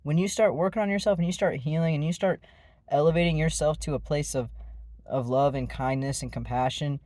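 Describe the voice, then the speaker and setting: A man's voice: on the high side, fairly even intonation, a little fast, a little mellow, dry recording. Rambling man telling a story, dry sound. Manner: rambling, many fillers and restarts. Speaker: vlogger. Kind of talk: casual storytelling to camera.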